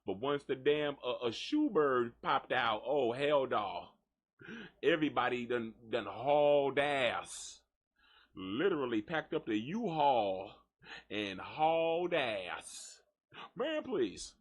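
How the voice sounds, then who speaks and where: A man hosting a live gossip show, joking and cursing in an animated, mocking way. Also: mid-range voice, slow pace. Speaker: host. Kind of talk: live gossip radio talk.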